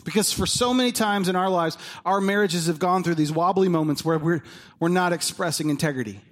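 A man's voice: high voice, fairly quick. A man in his thirties preaching a sermon, telling personal stories and acting out the dialogue in them. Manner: animated storytelling, acts out dialogue. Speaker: pastor.

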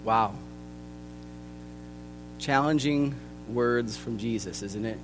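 A man preaching a sermon, earnest and deliberate, his voice softening at the ends of phrases. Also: medium pitch. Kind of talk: sermon with scripture reading. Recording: long hall reverb with faint music.

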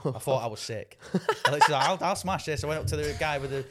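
Lively fast-talking Northern English lad. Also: male voice, fairly high pitch, heavy background noise. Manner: animated storyteller, swears freely, acts out crowd voices. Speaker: podcast co-host. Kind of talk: casual banter.

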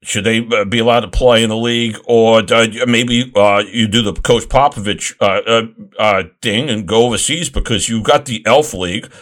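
Guy hosting a sports chat, lowish voice, rambles and restarts a lot. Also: steady tone, fairly bright tone. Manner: rambling, halting, many restarts. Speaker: host. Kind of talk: casual sports talk.

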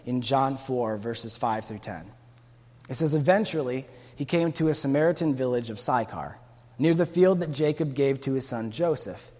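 A man's voice: medium pitch, darkish tone. A man preaching a sermon in a casual, conversational way, acting out the people in the story with bursts of energy. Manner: conversational preaching, acts out quotes with rising energy. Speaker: pastor. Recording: long hall reverb.

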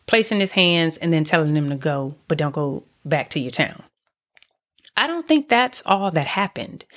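A woman's voice: fairly low pitch, fairly bright tone. A woman hosting a podcast, giving an earnest devotional teaching and telling a story expressively, often restarting her phrases. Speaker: podcast host teaching on faith.

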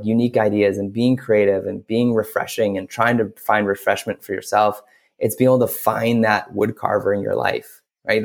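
A man talking as a podcast guest, rambling with lots of fillers. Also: on the low side. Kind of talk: casual interview talk.

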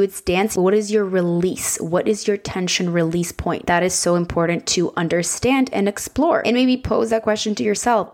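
A woman hosting a podcast, giving earnest, encouraging spiritual self-help advice in a free-flowing way and often stacking repeated phrases. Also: fairly low pitch. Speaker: podcast host.

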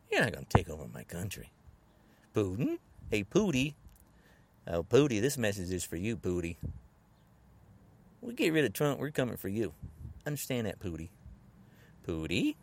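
Gravelly man ranting with mocking taunts. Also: medium pitch, darkish tone, slight background noise. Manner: taunting, repetitive name-calling. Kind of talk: angry political rant to camera.

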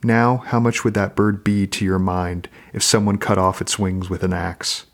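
A man reading aloud the lines of a calm, sharp-tongued young Norse wife from a novel, in his own low voice. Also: moderate pace. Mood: calm, pointed. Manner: calm, quietly pointed.

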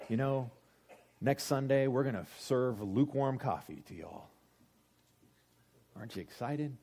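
A pastor preaching a sermon to his congregation, joking and swelling loud for emphasis. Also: medium pitch, measured pace, pauses often.

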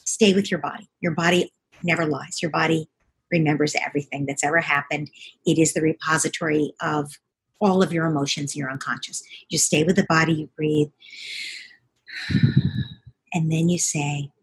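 A middle-aged woman giving parenting advice in a calm, coaching way. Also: low-pitched, normal speed, pauses often, husky. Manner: calm, coaching, acts out parent and child lines. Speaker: parenting expert guest. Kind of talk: conversational advice.

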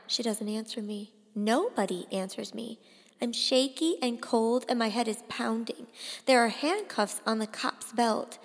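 A woman narrating a first-person audiobook in an expressive, deliberate way. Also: a little high, in a large hall. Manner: expressive, slow and deliberate, rising to cries in dialogue.

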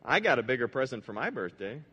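A man's voice: mid-range voice, big pitch swings, fast, bright, forceful tone, breathy edge, dull audio, voice pushed down, exaggerated voice. A preacher acting out a smug boy at a birthday party. He talks in a taunting, boastful way with a cool, offhand attitude. The voice stays close to the preacher's own.

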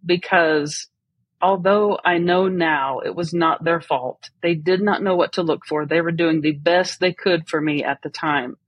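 A woman guest tells her story in an earnest, reflective way. Her voice has a slightly husky edge. The recording is dry and close to the mic. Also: on the low side, unhurried, no echo, lo-fi sound. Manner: earnest and reflective, laughs often. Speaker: podcast guest. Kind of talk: personal story in an interview.

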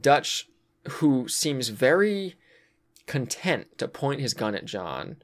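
A man's voice: medium pitch, big pitch swings, slow pace. A man in casual chat, thinking aloud about a game's story, with frequent fillers and sighs. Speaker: co-host discussing a video game.

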